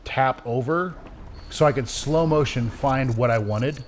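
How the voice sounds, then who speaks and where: A man co-hosting a let's play, chatting casually and rambling, with lots of restarts and animated retellings. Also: mid-range voice, unhurried, a little hiss or hum. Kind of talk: casual gameplay commentary.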